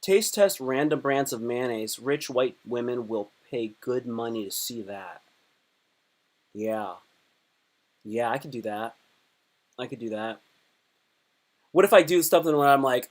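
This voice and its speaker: A man's voice: mid-range voice, a little slow, long pauses. A man doing a casual comedy live stream, talking in a rambling, crude, joking way.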